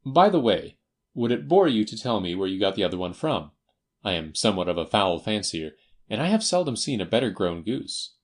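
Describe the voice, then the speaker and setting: A man reads a self-assured, brisk male detective in a storybook reading. He speaks in a low voice that lifts upward with crisp precision. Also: sing-song.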